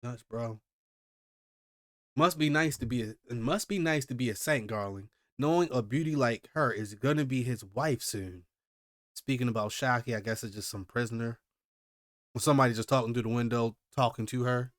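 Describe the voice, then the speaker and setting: A man hosting a live manga reaction, reading the pages aloud and reacting with loud, slangy exclamations. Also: medium pitch, normal speed, dry recording, studio quality. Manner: animated, exclaiming, slangy commentary.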